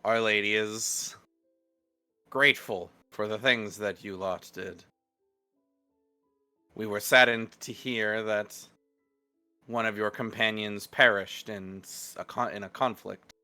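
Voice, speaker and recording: A man voicing a formal merfolk woman who is an envoy of a queen, speaking in a measured, solemn way. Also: lowish voice, steady tone, pushed and bright, smooth, no echo, faint music behind, voice pushed down, exaggerated voice. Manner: measured, solemn, slow delivery.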